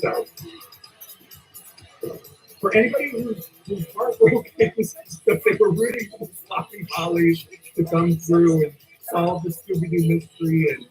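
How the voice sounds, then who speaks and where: A woman's voice: on the low side, lively intonation, unhurried, a little mellow, faint music behind, low-quality recording. A woman hosting her own channel, talking in a chatty, sassy, rambling way full of fillers. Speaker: channel host. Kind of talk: casual commentary vlog.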